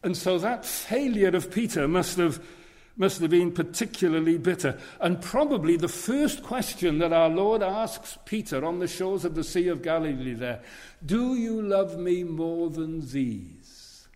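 A man with a high-pitched, slightly mellow voice preaches a sermon in a church, speaking expressively at a moderate pace. He is earnest and leans on repeated phrases, and the recording carries the long reverb of a large hall.

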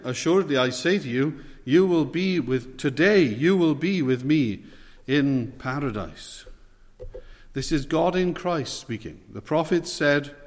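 A man preaching a sermon in a measured, emphatic way, slowing down to stress key phrases. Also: on the high side. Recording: long hall reverb.

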